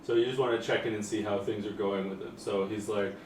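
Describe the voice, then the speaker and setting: A man running a tabletop game as its game master, narrating casually and halting with fillers. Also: on the low side, fairly even intonation, darkish tone, slight background noise. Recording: roomy, distant home recording.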